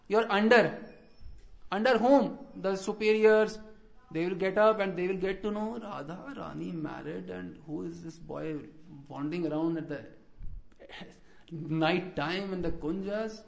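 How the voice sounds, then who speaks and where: High-voiced man telling a devotional story. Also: vocal fry. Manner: animated, acts out birds and characters in quoted voices. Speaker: religious speaker.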